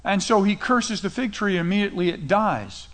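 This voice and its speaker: High-voiced man preaching casually. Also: lively intonation, brisk. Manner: conversational preaching, retells scripture in casual paraphrase. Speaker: pastor. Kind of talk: sermon.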